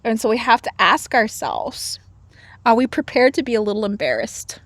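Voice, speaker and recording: A woman's voice: on the high side, very animated, normal speed, a bit bright, no room sound. A woman guest in a casual interview, speaking playfully and laughing often. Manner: playful, laughs often, acts out inner voices. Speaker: podcast guest, herbal medicine lecturer.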